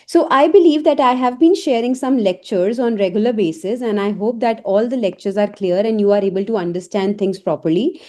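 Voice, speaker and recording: Woman language teacher, bright animated delivery, patient drills and frequent check-ins. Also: on the high side. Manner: explains slowly with repeated words and frequent "okay?". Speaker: French teacher. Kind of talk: online language lesson.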